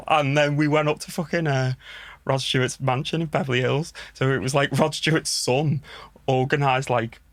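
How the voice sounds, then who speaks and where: A man from the Wirral with a Merseyside accent, a podcast guest telling stories in a relaxed, sweary way and often laughing. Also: medium pitch, moderate pace, dry recording. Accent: Merseyside English. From Wirral, England. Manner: laid-back, sweary, laughs through his stories. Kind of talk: casual storytelling chat.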